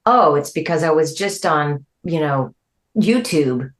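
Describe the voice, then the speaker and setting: A middle-aged woman, a guest musician, chatting in an interview, animated and quick to laugh, her voice jumping up when she quotes people. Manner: animated, jumps high when quoting people, laughs easily. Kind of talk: casual interview chat.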